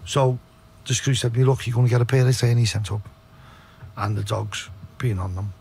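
A man's voice: steady tone, brisk, creaky, a little mellow, slight background noise. A middle-aged man with a Liverpool accent, telling his story in a blunt, sweary interview. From Liverpool, England. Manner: blunt, sweary, low-voiced retelling. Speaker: podcast guest.

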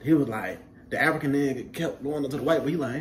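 Talking quickly at medium pitch with a bit of background noise, this young man animatedly recounts barracks tales for his vlog, voicing the characters and laughing along.

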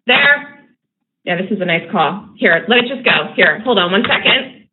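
Woman, trading stream host, excitable, laughs a lot, lively pitch, phone-like audio. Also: normal speed. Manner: excitable, laughing often, talking to herself. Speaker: day trading show host. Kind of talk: live trading commentary. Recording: tinny phone-like audio with faint noise.

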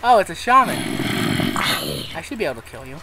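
A gamer giving casual let's-play commentary, excitable, laughing often and swearing when surprised. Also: medium pitch, normal speed, gravelly, heavy background noise. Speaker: gamer playing a modded survival game.

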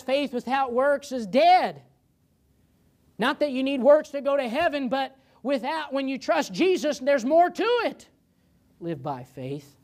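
An American man preaching as pastor, his voice sitting a little higher than most men's. He pleads with passion, climbing loud and high on warnings, then dropping to low, hushed lines. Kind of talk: sermon. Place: church sanctuary.

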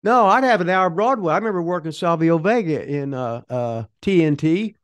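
A man's voice: fairly high pitch, expressive, normal speed. An older man with a folksy, rambling way of telling wrestling stories as an interview guest, swearing casually. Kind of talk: rambling shoot interview storytelling.

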